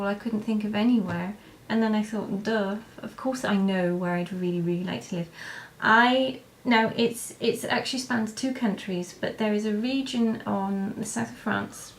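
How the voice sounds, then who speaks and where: A young woman vlogger answering viewer questions in a casual, rambling way, with lots of hesitations and restarts. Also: mid-range voice. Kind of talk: casual chat to camera.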